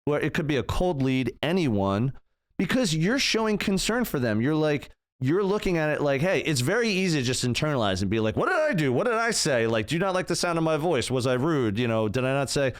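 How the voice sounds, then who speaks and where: On a business podcast he co-hosts, this young man keeps things loose and lively, performing example conversations and peppering his speech with "like" and other fillers. He talks fairly fast at a fairly high pitch, captured in a dry, studio-quality recording.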